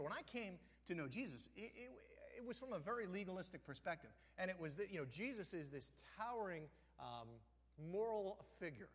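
A man preaching from the pulpit in a church, his voice pitched high and swinging widely as he tells the story. He acts out the characters' lines, then sinks to a hushed, almost whispered tone for effect. The sound rings with a long church reverb. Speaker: pastor. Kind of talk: sermon. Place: church sanctuary.

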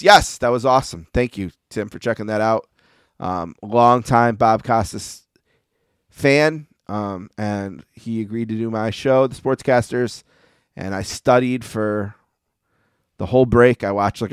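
Low-voiced man, easygoing podcast host. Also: clear, resonant tone, dry recording, studio quality. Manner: rambling, easygoing, many fillers. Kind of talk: casual chat.

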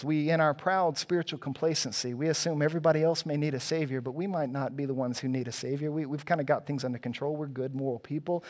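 A pastor preaching a sermon in a slightly high male voice. He leans on rhetorical questions and rising emphasis, pressing each point home to the congregation.

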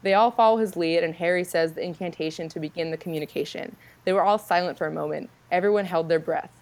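A woman's voice: fairly low pitch, quick pace, a little mellow. A woman reading her own comic fan story aloud, then chatting casually about it with lots of fillers and laughter.

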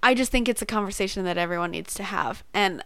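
A woman's voice: mid-range voice, fast, pushed and bright, clean tone, dry recording. A young woman co-hosting a podcast, speaking candidly and hesitantly, with fillers. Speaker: podcast co-host. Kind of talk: casual chat.

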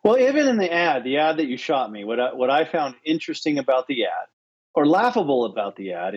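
Husky man on a dull, lo-fi line. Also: mid-range voice, a little mellow. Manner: easygoing, rambling, agreeable. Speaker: podcast co-host. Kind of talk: casual chat.

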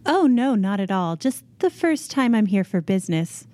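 Mellow-voiced woman player. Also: mid-range voice, sing-song, normal speed, dry recording. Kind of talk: tabletop role-play.

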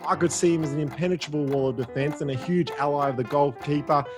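A man pitching his argument on a sports podcast with a fairly high voice, bantering eagerly with his co-hosts. Faint music plays under him. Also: fairly even intonation, fast. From Australia. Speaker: podcast co-host. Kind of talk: casual sports debate.

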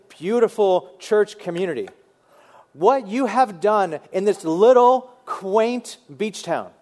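Pastor guy preaching, kinda high voice, chatty and animated, stumbles over repeated words. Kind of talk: sermon.

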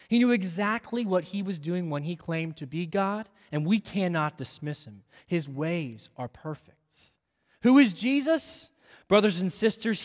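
A pastor preaching a sermon, swinging from hushed near-whispers up to ringing, almost shouted climaxes. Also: male voice, high voice, big-room sound.

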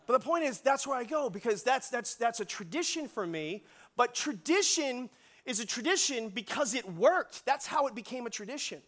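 A male pastor preaching a sermon in an animated storytelling way, laughing often. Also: very high-pitched, normal speed.

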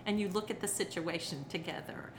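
A middle-aged woman who entertains children and writes books tells animated stories in conversation, acting out quotes and laughing often. She speaks a little fast in a lowish voice, with background noise behind her.

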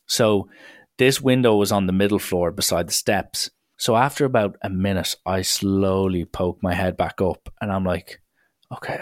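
A young man telling a long comic story, shouting out the quoted lines. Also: fairly low pitch, no echo, studio quality. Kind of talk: storytelling stand-up.

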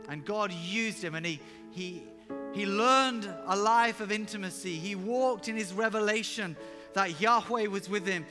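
A man preaching a sermon with personal stories, emphatic and animated, sometimes rising to loud exclamations. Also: high-pitched, unhurried. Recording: reverberant hall with music underneath.

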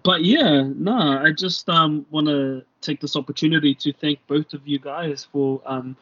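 Nz guy hosting, laid back, voice a bit high, muffled-ish sound. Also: normal speed. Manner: relaxed, warm thanks, fillers. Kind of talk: casual chat. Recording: slightly muffled recording.

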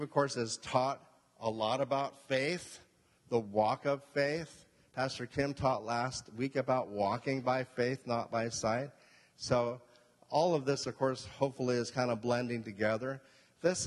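A male pastor preaching a sermon, emphatic, repeating key points and asking the congregation questions. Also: medium pitch. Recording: long reverb of a hall.

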